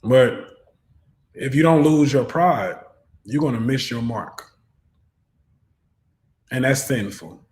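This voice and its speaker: A man's voice: mid-range voice, lively intonation, slow pace, pauses often, darkish tone. A man giving an online tarot reading who talks in a preachy, fervent way and often rises into exhortation. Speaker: tarot reader. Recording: roomy echo.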